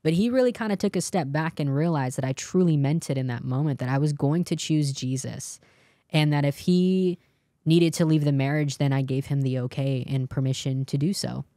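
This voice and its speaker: Her voice is deep and warm, her speed normal, and the studio sound clean with no room noise. She's a young adult interview guest from California relating a personal testimony, earnest and acting out the quoted lines of others.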